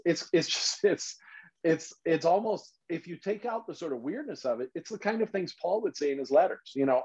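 A man's voice: on the high side, expressive, brisk, a little mellow, slightly rough. A man leading a casual Bible study, talking emphatically and thinking aloud as he explains. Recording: slightly dull lo-fi recording.

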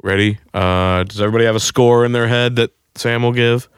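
A man's voice: mid-range voice, fairly even intonation, fairly quick, clear, resonant tone, no room sound, studio quality. A man hosting a casual beer tasting chat, playful and leading the talk. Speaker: beer review show host.

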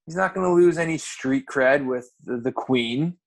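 A man from the United States in casual, profane, animated chat as a podcast co-host. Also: medium pitch, normal speed.

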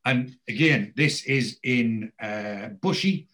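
Slow and mid-range in pitch, a podcast host's voice carries a laid-back TV episode recap. He brings the story to life by acting out the characters' lines as he talks.

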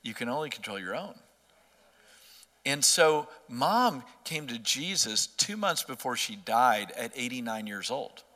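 A man's voice: medium pitch, sing-song, a little slow, bright, forceful tone, in a large hall. A middle-aged man earnestly telling a personal faith story in conversation, often restarting his sentences. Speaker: interview guest.

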